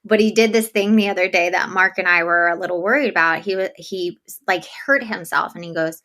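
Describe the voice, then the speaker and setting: Bright-voiced woman telling lively stories. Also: lowish voice, a little fast. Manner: animated storytelling, laughs often. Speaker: podcast host as guest. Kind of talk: casual interview chat.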